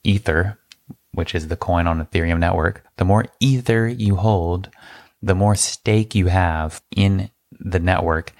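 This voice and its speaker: A man co-hosting a podcast, explaining things in a flat, laid-back way during casual chat. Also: deep voice, measured pace, no echo, studio quality. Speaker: podcast co-host.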